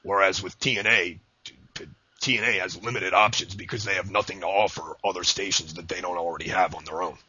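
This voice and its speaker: Podcast host, man, deep and husky voice, ranting and jokey, lo-fi recording. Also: steady tone, fast, bright, forceful tone. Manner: ranting, jokey, slips into a high announcer voice for quotes. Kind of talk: casual interview chat. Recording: dull lo-fi audio.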